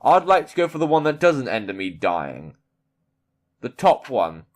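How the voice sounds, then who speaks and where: A man's voice: mid-range voice, big pitch swings, unhurried. A man reading an online quiz aloud in character and reacting to it, swearing casually and boasting in mock bravado. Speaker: YouTuber playing a character persona.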